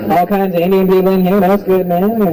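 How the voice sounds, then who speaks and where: A man's voice: high voice, a little fast, low-quality recording. A man doing a stand-up comedy set on a club stage, joking loosely and with a lot of swearing, working the crowd and doing voices. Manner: loose, profane crowd work with animated impressions. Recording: live club recording with crowd. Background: audience laughter.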